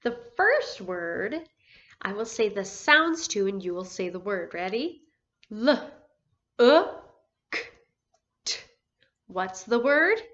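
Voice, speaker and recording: A woman teaching a phonics lesson to first graders, speaking slowly and clearly, sounding out letters and praising answers. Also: medium pitch, sing-song, bright, forceful tone, muffled recording. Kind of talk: phonics lesson for young children.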